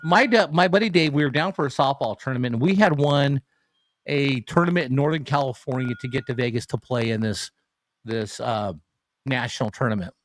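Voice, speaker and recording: A man co-hosting a casual sports podcast, telling an animated story and swearing freely. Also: mid-range voice, a little fast. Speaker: podcast co-host.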